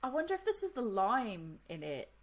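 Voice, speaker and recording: A woman's voice: fairly high pitch, huge pitch swings, moderate pace. A woman from the US co-hosting a podcast, chatting casually and laughing often while tasting drinks. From United States. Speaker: podcast co-host.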